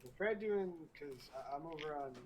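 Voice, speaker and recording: A man talking casually about his streaming, relaxed and self-deprecating. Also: on the high side, moderate pace, a crowd in the background. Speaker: streamer guest. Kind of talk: casual chat. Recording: distant mic with background noise.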